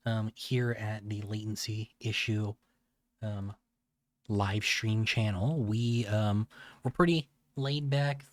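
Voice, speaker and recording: A man with a lowish voice chats casually over a game stream. He drifts along at an easy pace, halting often with fillers. The sound is close and dry, with no room around it. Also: no room sound. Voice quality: laid-back, halting with many fillers. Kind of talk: casual gameplay commentary.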